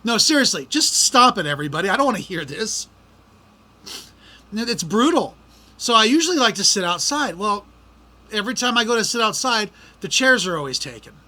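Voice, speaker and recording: Middle-aged male host, casual monologue, exasperated rants, high and bright voice. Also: very animated, a little fast. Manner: exasperated, ranting complaints. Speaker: podcast host.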